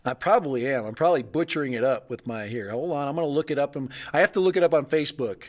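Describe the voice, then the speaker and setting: A man's voice: mid-range voice, fast. A middle-aged man hosting a casual livestream, rambling and thinking aloud with chuckles. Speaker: livestream host.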